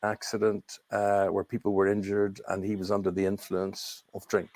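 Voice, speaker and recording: A man's voice: lowish voice, completely flat delivery, normal speed, darkish tone. A TV presenter, a man, speaking indignantly in a TV interview. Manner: indignant, complaining.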